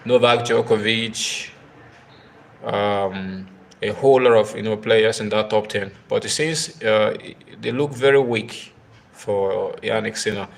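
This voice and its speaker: Guy doing a tennis live stream, low gravelly voice, lots of uh and you know. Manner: halting, many fillers and repeated words; talks straight to viewers, asks for comments. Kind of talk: casual live-stream commentary.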